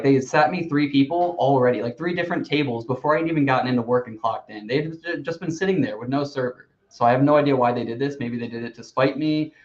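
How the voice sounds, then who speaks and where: A man hosting a podcast in casual chat, telling a long story with lots of "like" and restarts. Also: medium pitch. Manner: rambling storyteller, heavy use of "like". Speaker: podcast host. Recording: slightly dull lo-fi recording.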